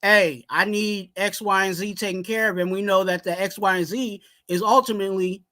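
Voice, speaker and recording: Man, podcast co-host, bright forceful tone, heated rant, shouting at times. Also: high voice, steady tone, moderate pace. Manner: worked up, shouting at the coaching. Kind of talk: heated sports fan rant.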